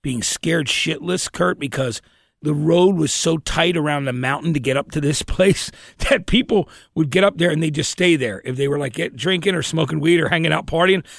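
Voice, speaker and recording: A man hosting a podcast, telling stories in an animated, emphatic way during a casual interview. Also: on the high side, moderate pace, vocal fry, no echo, clean studio sound. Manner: animated storyteller, lively and emphatic. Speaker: podcast host.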